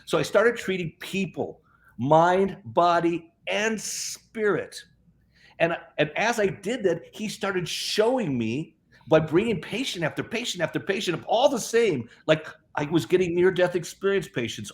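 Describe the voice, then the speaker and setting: A man's voice: high voice, big pitch swings, measured pace. A middle-aged man, a guest on an interview, telling a long story in a rambling way, often repeating words and quoting people in his own voice. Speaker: guest, health practitioner.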